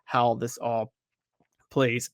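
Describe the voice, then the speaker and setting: A man's voice: medium pitch, flat delivery, extremely slow, dry recording, clean studio sound. A man hosting a sports podcast, giving opinionated commentary and talking straight to his viewers and chat.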